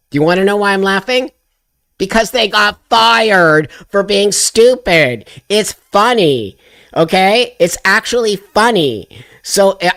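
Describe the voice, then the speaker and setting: A man's voice: sits high, fairly bright tone, smooth, no room sound. A man hosting a live stream, ranting and mocking, swearing freely and breaking into laughter. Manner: profane, mocking, laughs often.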